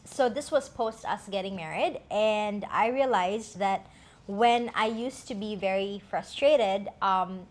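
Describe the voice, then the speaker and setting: A woman's voice: mid-range voice, takes it slowly. A woman co-hosting a talk show, telling a personal story in a candid, reflective way with many fillers. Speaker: co-host.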